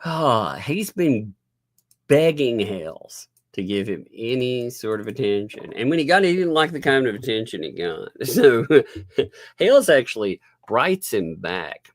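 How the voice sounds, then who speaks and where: A man's voice: medium pitch, very animated, measured pace, no echo, clean studio sound. A man hosting a live-stream commentary, sarcastic and laughing often as he chats while working on his screen. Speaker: host.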